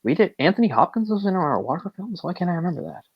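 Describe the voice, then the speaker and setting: A man's voice: high voice, very animated, fast, gravelly, slightly rough, no echo, lo-fi sound. A man co-hosting a movie podcast, rambling and opinionated, often chuckling as he talks. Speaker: podcast co-host. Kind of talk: casual movie discussion.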